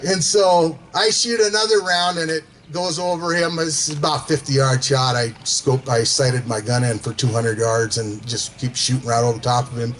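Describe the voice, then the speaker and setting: A man's voice: medium pitch, steady tone, normal speed, few pauses, a bit bright, rough recording. A man telling casual stories to a gathering, rambling with fillers and chuckling as he goes. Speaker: storyteller at a gathering. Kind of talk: casual storytelling.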